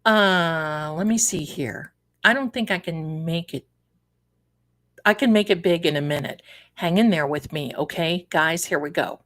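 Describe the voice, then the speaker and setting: A woman's voice: lowish voice, a little slow, a bit bright. A woman hosting a live tarot stream, chatting casually and exclamatorily while fumbling with her setup.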